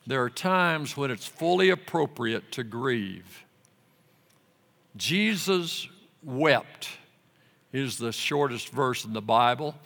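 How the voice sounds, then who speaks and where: A man delivering a sermon, slowly and deliberately. His voice is bright and forceful and sits a little high. It carries a long reverb, like a sanctuary. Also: gravelly. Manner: slow, emphatic scripture reading. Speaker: pastor.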